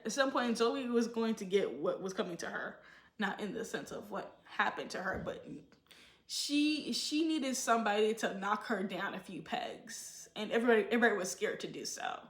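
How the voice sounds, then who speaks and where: A woman giving opinionated casual commentary and acting out quotes with animated emphasis. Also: a little high, roomy sound. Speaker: show commentator.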